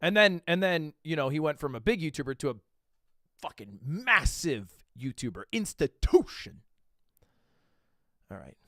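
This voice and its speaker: Lively young man reacting on stream. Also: fairly high pitch, normal speed, pauses often, no echo, clean studio sound. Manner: animated, swearing, jumps between loud outbursts and mutters. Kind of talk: casual reaction commentary.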